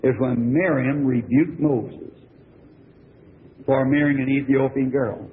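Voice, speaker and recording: A man's voice: mid-range voice, steady tone, takes it slowly, slight background noise. A man, preaching and telling a personal story in a folksy, plain way. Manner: folksy storytelling, voice rising when quoting others. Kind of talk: sermon testimony. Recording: tinny old phone-like recording.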